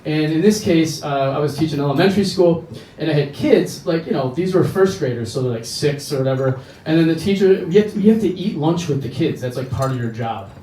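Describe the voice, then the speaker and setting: A man's voice: a little high, lively intonation, dark tone, slight background noise. American man doing crude stand-up. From United States. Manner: crude, rambling storytelling with quick voice switches. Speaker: stand-up comedian. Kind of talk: stand-up set. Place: bar comedy stage. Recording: echoey bar, mic heard from a distance.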